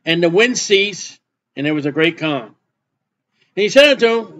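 A man's voice: high voice, normal speed, a bit bright, lo-fi sound. A male preacher reading scripture aloud and explaining it in plain, conversational asides. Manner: reads verses then explains in plain asides. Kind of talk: sermon, Bible reading with commentary.

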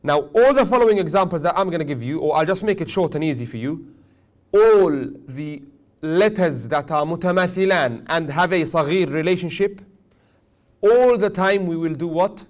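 A man teaching a tajweed class, questioning his students often and joking gently. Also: on the high side, expressive, normal speed. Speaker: Quran recitation teacher.

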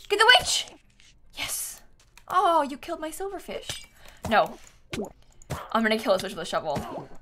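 Young woman streaming a game, super high voice, bouncy and all over the place, yelps then mumbles. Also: slight background noise. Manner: excitable, swings from shrieks to low mutters. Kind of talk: live game stream chatter.

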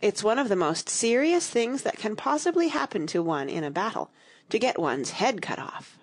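A woman's voice: medium pitch, sing-song, normal speed, breathy edge, voice pushed up. A woman voicing a sulky, grave boy twin who talks in a solemn, complaining way.

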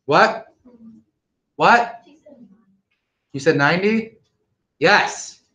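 A male math teacher speaking loudly through a mask, firm and drilling his class. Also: high-pitched, animated, extremely slow, far from the mic. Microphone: masked, mic at a distance. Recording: echoey classroom.

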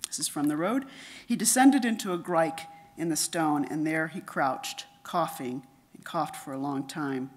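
A middle-aged woman giving a conference lecture, reading her paper in a measured way and dropping softer for quotations. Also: deep voice, a little hiss or hum. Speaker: conference speaker.

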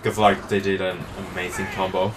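A man's voice: sits low, flat delivery, brisk. A young man playing a video game with a friend, goofy and prone to mock-dramatic exclamations. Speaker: let's play co-host. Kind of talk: casual gaming banter. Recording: distant mic with faint room noise.

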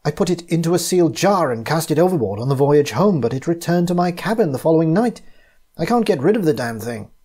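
A man's voice: a little high, lively intonation, quick pace, mellow, breathy edge, voice pushed up. A man playing a frantic aristocratic archaeologist. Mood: despairing. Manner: agitated, exclamatory. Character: anxious middle-aged male archaeologist baronet.

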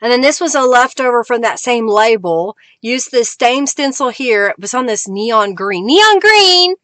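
A woman hosts a live crafting stream, chatting casually as she works and greeting viewers, reading their comments aloud with bursts of cheer. Her voice is fairly high and her pace moderate, and the recording is dry.

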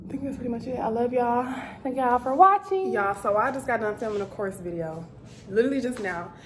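A woman vlogger chatting casually to camera, animated and talkative. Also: a little high, echoey room, a little hiss or hum. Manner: chatty, animated, addresses viewers as y'all. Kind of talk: casual vlog chat to camera.

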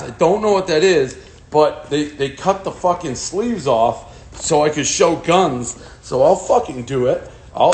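A man's voice: fairly high pitch, a little hiss or hum. A man giving profane, jittery running commentary as he unboxes packages on a casual livestream. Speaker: host unboxing fan mail.

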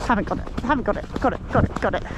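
A woman's voice: medium pitch, rapid-fire. A woman with an easy, chatty manner, talking casually while riding a horse in the countryside and coaxing it along. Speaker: equestrian vlogger. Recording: loud outdoor noise, hoofbeats.

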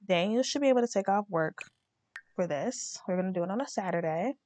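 A woman's voice: mid-range voice, lively intonation, fairly quick, a little mellow, no echo. A young woman hosting a let's play, narrating her game in a chatty, slangy way. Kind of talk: casual game commentary.

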